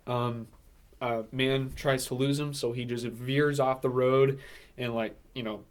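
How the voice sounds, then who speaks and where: A man's voice: medium pitch, flat delivery, unhurried. A man co-hosting a podcast, retelling a film's plot in casual chat with lots of fillers and laughs. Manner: rambling, filler-heavy, laughs often. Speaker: podcast co-host. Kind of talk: casual movie recap chat.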